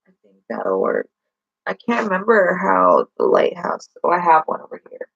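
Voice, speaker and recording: A woman with a gravelly, fry-laden voice chats on a livestream, rambling and correcting herself as she talks to viewers. The audio is dull and lo-fi, and the sound is dry and close. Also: fairly low pitch, huge pitch swings, normal speed, no echo. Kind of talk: casual live-stream chat. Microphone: laptop or phone mic.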